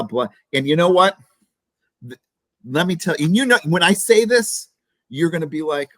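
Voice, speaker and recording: A man's voice: a little high, very animated, normal speed, pauses often, fairly bright tone, dry recording. A man guesting on a podcast, talking bluntly and with plenty of swearing, and acting out the voice in someone's head. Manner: blunt and profane, acting out the inner critic's voice. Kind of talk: casual interview talk.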